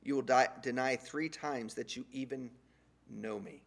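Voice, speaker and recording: A man preaching a sermon, retelling scripture in a conversational, animated way with casual slang. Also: medium pitch, a little slow, gravelly, slight background noise.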